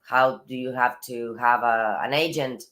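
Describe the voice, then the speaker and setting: This Argentine actress, a native Spanish speaker, talks in English as a guest in a relaxed, thoughtful interview. Her voice is strikingly low and a little slow, and soft laughs sometimes slip in between phrases.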